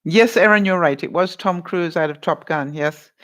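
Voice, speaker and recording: A woman's voice: on the low side, normal speed. Chatty woman hosting a live stream. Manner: chatty, laughing, hosting movie-quote trivia. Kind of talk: casual live-stream chat, reading viewer comments.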